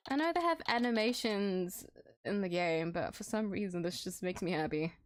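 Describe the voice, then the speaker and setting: A woman commenting on her video game playthrough in an excitable, giggly way. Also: medium pitch, moderate pace. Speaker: gamer. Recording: faint background music.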